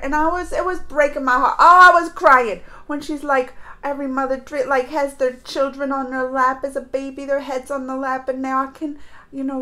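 Casting note: high-pitched woman host, rambling and heartfelt, casual reaction-video chat. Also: sharp tone. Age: adult mother. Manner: rambling, emotional, chatty.

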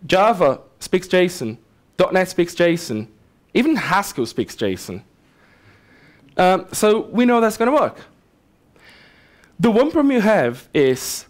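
Guy speaking at a software conference, slightly high voice, chatty and animated. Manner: casual, animated explaining with asides to the audience. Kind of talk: technical conference talk. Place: conference hall.

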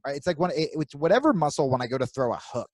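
A man from New Jersey co-hosting a podcast, telling animated stories with plenty of swearing and acting out his own inner voice. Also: fairly high pitch, very fast, no room sound. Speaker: podcast co-host. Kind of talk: casual chat.

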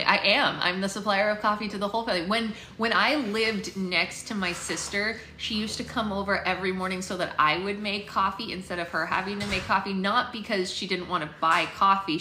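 A woman's voice: on the low side, pushed and bright. A woman hosting a book club livestream from home, chatting in a rambling way with viewers and reading aloud. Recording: roomy echo, faint noise.

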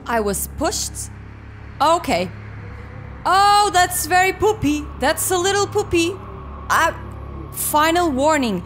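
Woman, 20s, gaming creator: high and animated, reactive and sweary, game music behind. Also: takes it slowly, long pauses. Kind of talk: let's play commentary.

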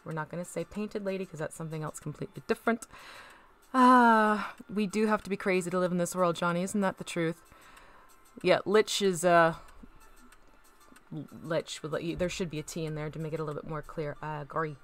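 A chatty, upbeat woman with a slightly low voice, hosting a casual crafting live stream. She talks along as she paints and greets her viewers by name. She sounds middle-aged. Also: fairly even intonation, quick pace, fairly bright tone, faint music behind. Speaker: crafting channel host.

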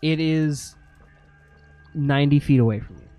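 A man's voice: a little high, unhurried, dark tone, soft background music. A man running a tabletop game as game master, narrating vividly and mimicking sound effects.

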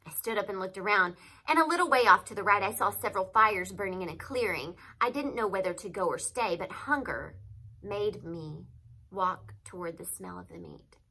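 A woman reading a novel aloud to students with expressive storytelling, pointing out figures of speech. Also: mid-range voice, normal speed, breathy edge, poor audio.

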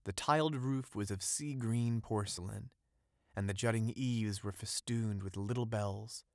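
A man narrating an audiobook of a classic fairy tale, in a steady, ornate storytelling read on a close mic. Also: fairly low pitch, a little slow, no echo.

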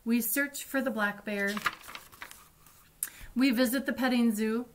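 A woman librarian reading picture books aloud to children at story time, with a gentle, deliberate delivery. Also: a little high, slight background noise.

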